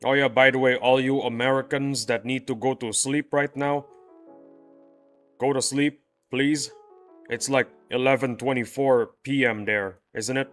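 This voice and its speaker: A man's voice: medium pitch, steady tone, a little slow, fairly bright tone, faint music behind. A man livestreaming a game, chatting casually with his viewers in a playful, rambling, teasing way. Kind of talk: casual chat with live viewers.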